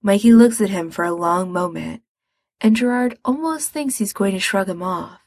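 A woman reading fiction aloud in a calm, measured way. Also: medium pitch, no room sound, clean studio sound. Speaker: reader.

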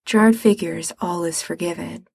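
A woman reading fiction aloud in a calm, measured way. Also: lowish voice, vocal fry, breathy edge, no echo, clean studio sound. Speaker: reader.

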